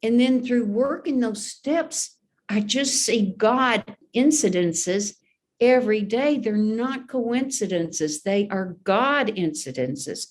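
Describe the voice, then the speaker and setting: A woman's voice: fairly high pitch, lively intonation, slow pace. A woman sharing her recovery story in a podcast interview, earnest and openly emotional. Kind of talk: personal testimony in a podcast interview.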